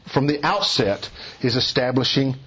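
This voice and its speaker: Husky-voiced man preaching emphatically. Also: medium pitch, animated, moderate pace, sharp tone, muffled recording. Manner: emphatic, repeats key phrases. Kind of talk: expository sermon.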